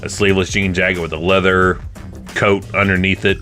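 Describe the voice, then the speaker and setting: A man's voice: low voice, level tone, brisk, pushed and bright, soft background music. A man co-hosting a podcast in casual chat, blunt and jokey, swearing often. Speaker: podcast co-host.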